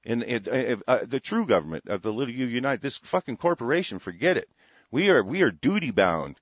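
A man's voice: mid-range voice, very animated, a little fast, husky, dry recording. Cursing, ranting man with a dull sound. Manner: angry, profane, stammering restarts. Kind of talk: profane political rant.

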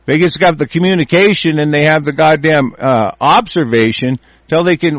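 A man in a furious, profane rant, repeating himself and shouting through restarts. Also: on the high side, normal speed, hardly any pauses, no echo. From United States. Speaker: ranting commentator.

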